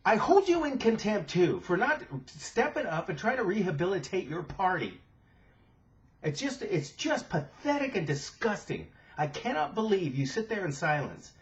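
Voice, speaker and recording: Man, angry impromptu rant to camera, swooping up and down in pitch, muffled lo-fi sound. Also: big pitch swings, normal speed. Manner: agitated, indignant, repeats words and restarts. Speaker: political vlogger. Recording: dull lo-fi camera audio.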